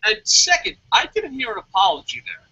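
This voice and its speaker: A man from New Jersey co-hosting a casual wrestling review show, excitable and profane, with mock-formal bits. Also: high-pitched, brisk, husky. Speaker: podcast co-host. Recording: dull lo-fi audio.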